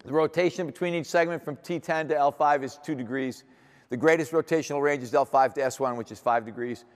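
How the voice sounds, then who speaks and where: A man's voice: on the high side, quick pace. A man in his sixties giving a seminar lecture as a strength coach, blunt and emphatic, asking rhetorical questions. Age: 60s. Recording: echoey hall reverb.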